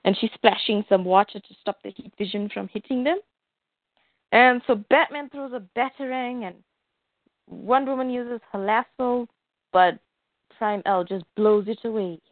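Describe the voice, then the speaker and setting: A woman narrating a superhero toy story in an animated, playful way. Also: on the high side, normal speed, dry recording. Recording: tinny phone-like dry sound.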